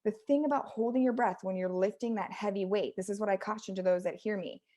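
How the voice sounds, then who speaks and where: A woman's voice: medium pitch, fast talker. A woman co-hosting a casual health podcast, talking emphatically as a fitness coach and acting out what people say. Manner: animated, emphatic, acts out quotes. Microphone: close studio mic, audible breathing.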